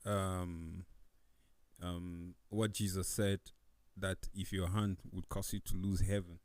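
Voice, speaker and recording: A man's voice: deep voice, flat delivery, slow, darkish tone, no echo. A man on a panel talk show, who restarts his sentences and offers agreeing hums. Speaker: co-host.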